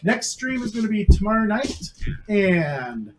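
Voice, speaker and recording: A man with a high voice narrates a tabletop game as game master, telling the scene like a story and restarting phrases here and there. The stream audio carries a clear layer of noise. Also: big pitch swings, unhurried. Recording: noisy home stream audio.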